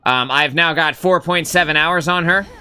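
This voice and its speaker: A man hosting a live gaming stream, chatting in a relaxed, rambling way with plenty of fillers. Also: a little high, moderate pace, clean tone. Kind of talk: casual live-stream chat.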